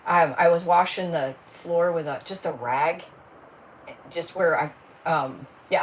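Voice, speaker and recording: A woman chats her way through a crafting livestream in a fairly low voice, rambling from one thought to the next and calling out to viewers by name. Faint room noise sits behind her. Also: moderate pace, rough recording. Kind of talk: casual livestream chat.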